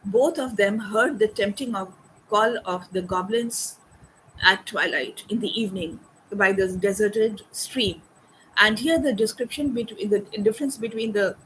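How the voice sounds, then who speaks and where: A woman's voice: mid-range voice, a bit bright, a little hiss or hum, poor audio. A woman lecturing on a poem, thoughtful and hesitant with fillers, reading quoted verse aloud. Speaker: literature lecturer. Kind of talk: academic lecture.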